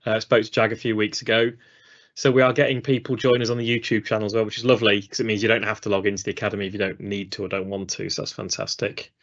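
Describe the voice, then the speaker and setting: A man's voice: fairly low pitch, flat delivery, fast talker, fairly bright tone. Chatty rambling male stream host. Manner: rambling, chatty, self-deprecating. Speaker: co-host of a live training stream. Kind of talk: casual live-stream chat. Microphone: studio mic on a video call. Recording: slightly dull lo-fi stream audio.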